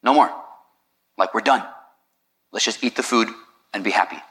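An impatient husband waves off his wife's grief, voiced by a man retelling a story in a sermon. His tone is dismissive, and the voice is bright and forceful. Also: lowish voice, moderate pace, voice pushed down. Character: impatient husband, brushing off tears.

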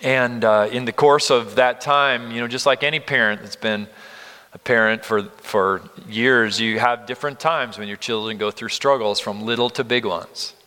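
A man in his fifties preaching a sermon, earnest and emphatic, moving between loud stress and near-whispers. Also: medium pitch, steady tone, normal speed. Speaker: pastor. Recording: long reverb of a large hall.

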